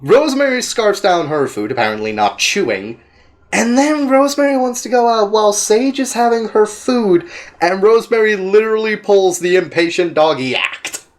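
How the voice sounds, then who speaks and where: A man's voice: sits high, expressive, normal speed. A man hosting a casual reaction chat, laughing often, swearing and sounding exasperated. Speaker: host.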